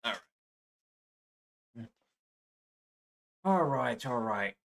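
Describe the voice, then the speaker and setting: A man's voice: mid-range voice, lively intonation, extremely slow, vocal fry, a bit bright. A man streaming, reacting to clips in a chatty, laughing way with sing-song asides. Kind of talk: casual reaction chat.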